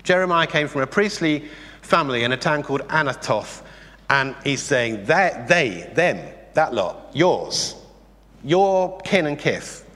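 A man preaching a sermon in a conversational, animated way, asking the congregation rhetorical questions. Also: on the high side, measured pace. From England. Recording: long reverb in a hall.

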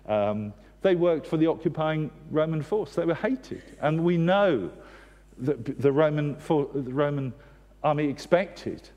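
A man's voice: mid-range voice, a little mellow. Guy preaching, earnest but wry, mid voice, long churchy echo. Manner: earnest and direct with wry asides. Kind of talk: sermon.

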